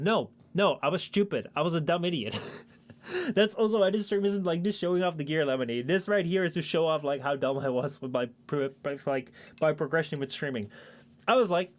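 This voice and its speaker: A man's voice: a little high, brisk. A young man chatting casually on his stream, rambling with lots of fillers and casual swearing, into a shotgun mic at his home desk. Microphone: shotgun microphone at a streaming desk.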